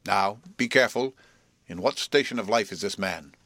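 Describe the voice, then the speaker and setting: A domineering male lawyer gives curt, stern orders, as a male reader voices him. The voice is low and commanding. The reading is close and dry. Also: moderate pace, bright, forceful tone, no room sound.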